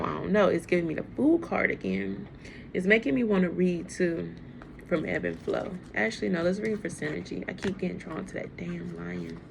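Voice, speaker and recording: A woman's voice: on the low side, gravelly, husky. A woman giving a casual, emotional tarot reading on a livestream, chatting straight to her viewers. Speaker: tarot reader.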